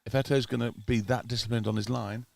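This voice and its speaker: A man's voice: mid-range voice, quick pace, gravelly, dry recording. A man doing chatty live commentary on a club cricket match, teasing his co-commentator. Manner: chatty, teasing, gets excited at wickets.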